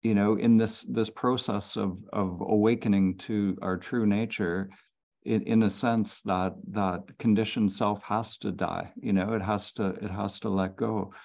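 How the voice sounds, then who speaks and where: Slow, gravelly male meditation teacher. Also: fairly low pitch, fairly even intonation, darkish tone, dull audio. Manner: slow, halting, many fillers. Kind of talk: spiritual guidance talk.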